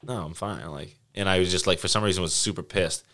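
A man's voice: deep voice, quick pace. A young man hosting a podcast, telling stories animatedly and swearing freely in casual chat. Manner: animated storyteller, swears freely, acts out quotes. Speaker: podcast host.

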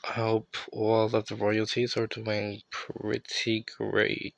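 A man hosting a casual solo podcast with a raspy voice, sounding tired and a bit under the weather, talking in a laid-back, rambling way and correcting himself as he goes. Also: lowish voice, completely flat delivery, takes it slowly, no room sound. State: tired, not feeling well. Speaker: podcast host.

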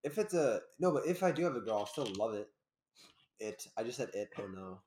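A young man hosting a casual podcast chat, rambling and breaking into loud laughing bursts. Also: mid-range voice, sing-song, brisk, reverberant, background noise. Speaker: podcast host.

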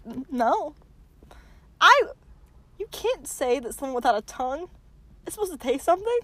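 A woman co-hosting a podcast, arguing in a playful, giggly way and turning loudly indignant. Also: high voice, sing-song, moderate pace, dry recording. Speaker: podcast co-host. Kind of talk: casual mock argument.

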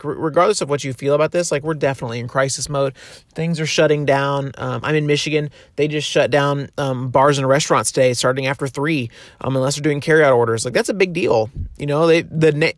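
A man's voice: fairly high pitch, dry recording, clean studio sound. A man giving a casual, earnest devotional talk, full of fillers and conversational asides.

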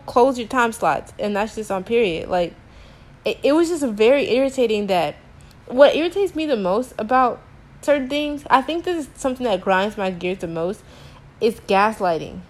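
A young woman vents to the camera in a casual storytime rant, sounding exasperated and full of slang. She rambles with lots of filler words, and her voice sits a touch high. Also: animated, moderate pace. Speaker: teacher.

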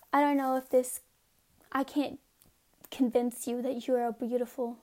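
A woman with a high voice gives a casual devotional talk at an unhurried pace. She reads scripture aloud earnestly and keeps stepping out of the text for informal asides to her listeners. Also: level tone, warm tone. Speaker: devotional speaker.

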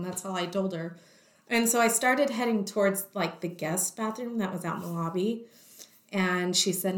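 A woman's voice: medium pitch, moderate pace. Woman telling a story in a roomy space. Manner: lively, acts out the voices of people in her story. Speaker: guest telling her story. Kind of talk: personal storytelling. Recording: roomy echo.

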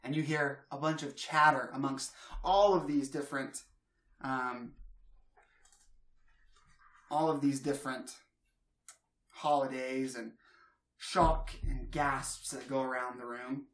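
A man narrating a tabletop game as game master, relaxed and halting, with fillers and frequent laughs. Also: mid-range voice, reverberant.

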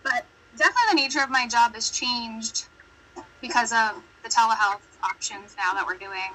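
A young American woman chatting as a podcast guest, telling stories quickly and laughing often. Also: on the high side, pushed and bright, low-quality recording. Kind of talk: casual chat.

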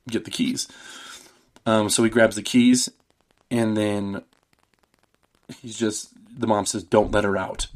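A man in his thirties casually recapping a film on a podcast, rambling and swearing, acting out the characters' lines. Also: fairly low pitch. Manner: rambling, swearing, acts out quotes with laughs. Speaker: podcast host.

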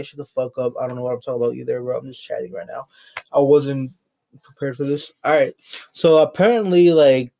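On a dull, lo-fi recording, a man with a medium-pitched, dark voice rambles through his debut solo podcast. He's loose and spontaneous, cursing a lot and cracking jokes.

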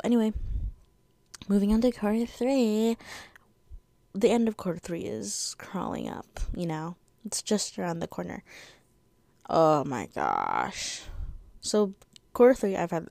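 The host of this casual solo podcast is a teenage girl whose voice is fairly low, gravelly, and dark, with no echo on the recording. Her talk wanders and is full of fillers, and she seems slightly out of breath.

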